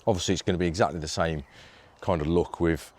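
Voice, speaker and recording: This low-voiced man is a fast talker with fairly even intonation. An angling vlogger, he gives a casual demo to camera, narrating each step of setting up a fishing shelter in his garden while holding his handheld video camera in one hand.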